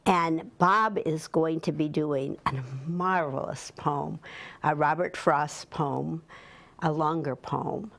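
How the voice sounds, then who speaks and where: A woman's voice: low-pitched, fairly even intonation, slow, vocal fry, a bit bright. A woman leading a poetry class, chatting in an interview with a gushing, enthusiastic manner. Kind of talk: interview chat.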